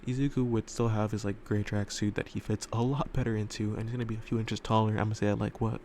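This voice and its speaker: A man's voice: fairly low pitch, flat delivery, quick pace, mellow, a little hiss or hum. A man telling a fan story casually, rambling with lots of fillers and loose swearing, recorded in a room at home.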